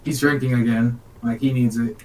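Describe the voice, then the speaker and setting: A man's voice: medium pitch, little pitch movement, moderate pace, a little mellow, recorded from a distance, low-quality recording. A man co-hosting a podcast, recapping a film in a rambling, jokey, casual way. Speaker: podcast co-host.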